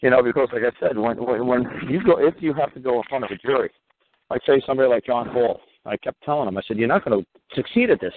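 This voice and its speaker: A man's voice: medium pitch, fast, slight background noise. A middle-aged man with a New York accent, giving blunt, profane, emphatic advice on a call-in talk show. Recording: tinny phone line.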